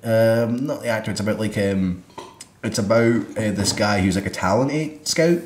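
Low-voiced man, rambling. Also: moderate pace. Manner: rambling, full of fillers, laughs often. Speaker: film club co-host. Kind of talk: casual film chat. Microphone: single microphone in front of a camera. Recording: roomy echo.

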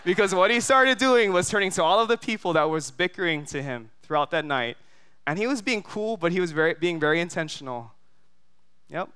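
A man's voice: sits high, lively intonation, fairly quick, bright, forceful tone, clean tone. A man from Hawaii preaching a sermon, telling a long story full of fillers and often asking the crowd "right?". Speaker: pastor. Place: church service.

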